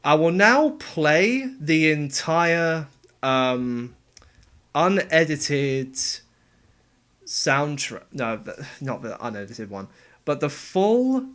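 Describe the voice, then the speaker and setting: A young man casually explaining how he made game voices, talking in a relaxed, halting way. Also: fairly high pitch. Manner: halting, relaxed, with fillers and restarts. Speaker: game voice actor and sound editor. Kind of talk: casual developer commentary.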